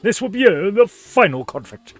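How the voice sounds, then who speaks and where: A man's voice: high-pitched, big pitch swings, voice pushed up. A man doing a pompous theatrical prince. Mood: solemn. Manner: slow, declamatory theatrical voice. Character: grand theatrical fairy-tale prince.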